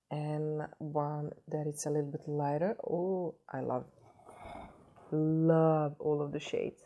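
A woman with a cold, chatting excitedly through a beauty unboxing and gushing over each product. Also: low voice, takes it slowly. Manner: gushing, excitable, repeats herself. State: has a cold. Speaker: beauty vlogger. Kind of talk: unboxing chat.

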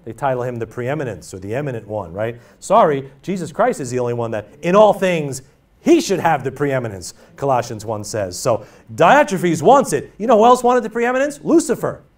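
A man's voice: medium pitch, sing-song, a little fast. A male pastor preaching a sermon in a church, emphatic and repetitive as he drives his points home. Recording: voice from far off the mic.

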